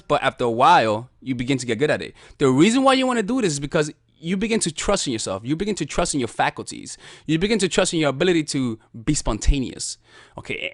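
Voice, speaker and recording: A man in the middle of pitch coaching a casual lesson on dating. His talk is loose and animated, full of restarts and the odd swear word. The recording is dry and close. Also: no room sound.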